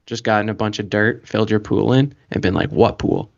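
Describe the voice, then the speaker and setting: Fast-talking man cracking jokes. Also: on the low side, fairly even intonation, gravelly, dull audio. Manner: quick, joking interjections and frequent agreement. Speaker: podcast co-host. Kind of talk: casual chat.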